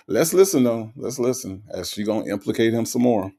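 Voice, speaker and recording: A man's voice: mid-range voice, expressive, a little fast, creaky, hardly any pauses, dark tone. A man hosting a live stream, reacting to a case and reading viewer comments in a blunt, mocking, repetitive way.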